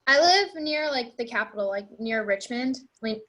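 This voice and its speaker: A woman's voice: a little high, animated, moderate pace, a bit bright. A woman from Virginia asking curious questions in a casual group video call.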